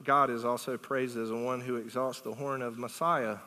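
Bright-voiced animated preacher man. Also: medium pitch, moderate pace. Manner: animated, conversational preaching with big swings in loudness; asks the congregation questions, laughs often. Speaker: pastor. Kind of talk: sermon. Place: church sanctuary. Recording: long reverb of a church hall.

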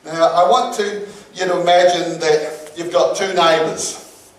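A man's voice: high voice, steady tone, a little slow. A man preaching a sermon and telling a story with acted-out voices. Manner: storytelling, acts out voices in an anecdote. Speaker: pastor. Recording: echoey hall from far off.

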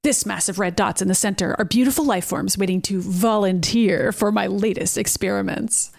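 A woman's voice: medium pitch, moderate pace, creaky. A woman reading as a smug, scheming male villain scientist. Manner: sly, smug and theatrical.

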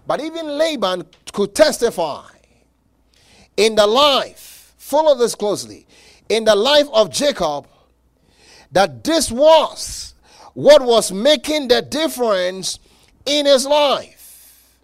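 A man preaching a sermon as pastor, emphatic, with repeated words and dramatic pauses. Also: extremely high pitch, big pitch swings.

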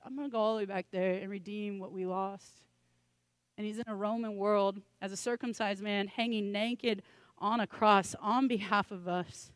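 A woman's voice: mid-range voice, no echo. A woman pastor preaching a sermon in a conversational, joking way, with self-deprecating asides.

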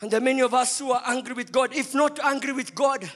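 A man preaching a sermon as pastor, swinging from loud shouts to quiet, low lines. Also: steady tone, quick pace, faint music behind. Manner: preaching with sudden shouts and soft drops. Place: church.

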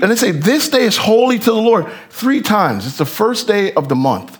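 A man preaching a sermon with fervent rhetorical questions, moving from hushed reading to shouting. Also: very high-pitched, lively intonation, moderate pace.

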